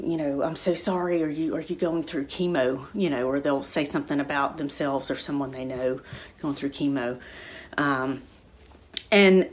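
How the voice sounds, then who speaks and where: A middle-aged woman talking casually and warmly about her own life, rambling with many fillers and restarts. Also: low voice. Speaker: spiritual center speaker. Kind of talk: casual personal talk.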